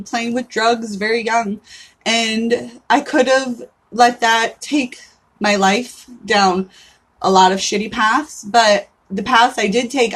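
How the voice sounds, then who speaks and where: A woman's voice: mid-range voice, slight background noise. A woman in her thirties hosting a casual livestream, chatty and candid, often saying "like" and swearing in passing. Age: 30s. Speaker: livestream host.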